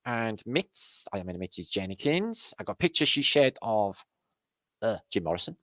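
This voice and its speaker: Welsh male livestream host, lively swooping delivery, loose sweary banter, dry close mic. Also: lowish voice, moderate pace, no room sound. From Wales. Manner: chatty, swears freely, jokey banter. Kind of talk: casual livestream chat greeting viewers.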